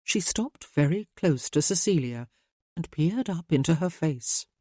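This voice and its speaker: Calm woman reading an audiobook. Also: low voice, unhurried, breathy edge, no room sound, clean studio sound. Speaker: narrator. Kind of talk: audiobook narration.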